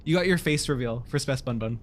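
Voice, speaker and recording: A man casually commenting on a game as he plays, excitable and joking, swearing and laughing often. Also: mid-range voice, brisk, a little hiss or hum. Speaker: streamer.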